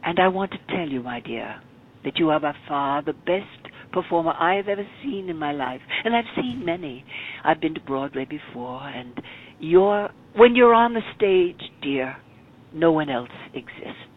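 A woman's voice: low voice, animated, normal speed. A woman voicing a stiff, formal older father with pompous mock-British formality, over a phone-like line. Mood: formal, grand. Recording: phone-like narrow sound.

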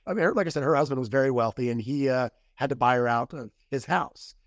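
A man's voice: mid-range voice, fast talker, dry recording, dull audio. A man telling the story of a past relationship in a casual interview, rambling, restarting and quoting what was said. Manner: rambling retelling with quoted dialogue and restarts. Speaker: podcast guest.

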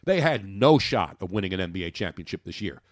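Animated sports talk host. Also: male voice, low-pitched, fast talker, no room sound, studio quality. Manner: emphatic, rhetorical questions, jokey asides.

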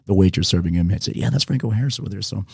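A man's voice: lowish voice, rapid-fire, creaky, darkish tone, husky, dry recording, studio quality. A man in his forties from the Las Vegas area, a bartender telling casual, rambling anecdotes to viewers and correcting himself as he goes.

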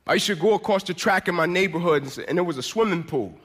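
A man's voice: high-pitched, lively intonation, quick pace, fairly bright tone, breathy edge. A young man giving an inspirational testimony speech, telling his story with repeated refrains. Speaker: motivational speaker.

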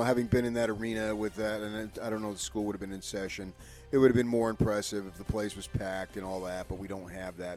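A man's voice: low voice, darkish tone. A man co-hosting a sports talk show, opinionated and rambling as he gives his takes. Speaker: sports radio co-host.

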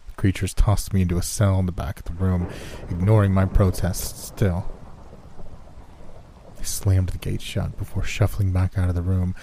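A man narrating a first-person horror story in a steady, scripted storytelling manner. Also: low-pitched, moderate pace, slight background noise.

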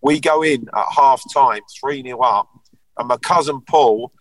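A man's voice: medium pitch, measured pace, dry recording, far from the mic, rough recording. A man in his sixties, a former footballer, reminiscing earnestly in a casual podcast chat. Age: 60s.

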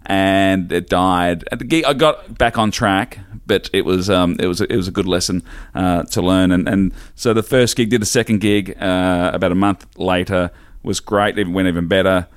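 Rambling Australian comedian with a low voice. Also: male voice, normal speed, smooth, no echo, clean studio sound. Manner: rambling, self-deprecating, many restarts. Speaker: stand-up comedian guest. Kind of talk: casual storytelling chat.

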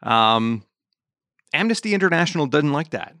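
A man's voice: fairly high pitch, very animated, normal speed, pushed and bright, no room sound. A man filling in as host of a podcast panel, talking in a loose, joking way with many fillers. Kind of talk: casual panel chat.

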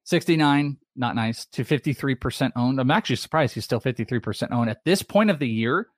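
A man in his thirties talking fantasy baseball in a loose, chatty way, firing off lists of player names and percentages. His voice sits at an ordinary middle pitch. The sound is dry and close, with no room around it. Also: animated, fairly quick, no echo. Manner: chatty, rattles off names and stats. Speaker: podcast co-host. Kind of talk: casual fantasy baseball chat.

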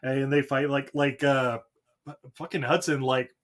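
A man co-hosting a podcast in casual chat, joking and laughing as he acts out film scenes in quick voices. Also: mid-range voice, fairly even intonation. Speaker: podcast co-host. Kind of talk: casual chat recapping a movie.

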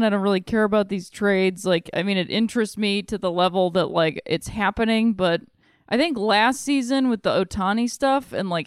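A woman's voice: mid-range voice, smooth, no echo, clean studio sound. A young adult woman hosting a solo podcast, talking in a rambling, frank way with some swearing, sleepy and yawning. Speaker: podcast host. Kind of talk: casual solo podcast monologue.

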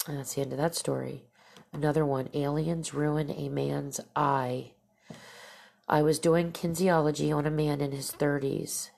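A woman's voice: low voice, gravelly, a little mellow. A woman telling strange accounts aloud in a plain, matter-of-fact way, with dry asides. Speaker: storyteller.

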